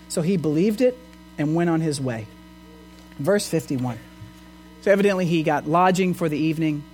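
A man's voice: a little high, moderate pace, long pauses, a little mellow, soft background music. A man pastor preaching a sermon in an earnest way, asking his listeners questions. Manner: earnest, asks the congregation rhetorical questions.

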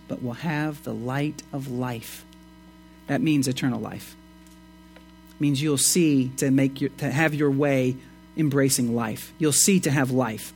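A man preaching a sermon, reading scripture and explaining it with emphatic rises and quiet asides. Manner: expressive, swings between emphatic rises and low asides. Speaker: pastor.

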